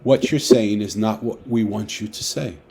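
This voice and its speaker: Animated male author telling a story. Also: lowish voice, moderate pace, vocal fry, very noisy. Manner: animated storyteller, acting out dialogue. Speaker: author guest. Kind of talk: storytelling talk.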